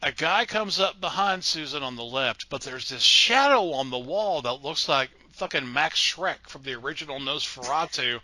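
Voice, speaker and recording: A man's voice: a little high, animated, normal speed, few pauses, pushed and bright, low-quality recording. A man co-hosting a podcast, recapping a horror movie in casual, sarcastic chat and swearing freely. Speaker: podcast co-host.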